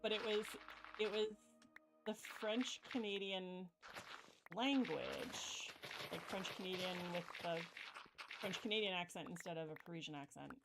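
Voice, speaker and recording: A woman chats casually while she plays a video game, wandering through her explanations and filling the gaps with "um." Her voice sits low for a woman. Game music plays clearly behind her. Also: expressive, unhurried, poor audio. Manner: rambling, explains with many fillers. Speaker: gaming channel host. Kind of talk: casual gameplay chat.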